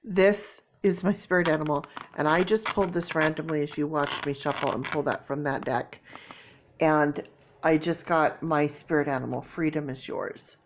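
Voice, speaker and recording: A woman's voice: deep voice, moderate pace. A middle-aged woman reading tarot cards to camera in a casual, emotional way, exclaiming and thinking aloud, tearful. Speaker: tarot reader.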